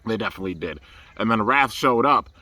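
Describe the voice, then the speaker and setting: Bright-voiced excited male reviewer. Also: lowish voice, fast, no echo. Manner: rambling, enthusiastic, says "man" a lot. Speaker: anime reviewer. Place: outdoors under trees.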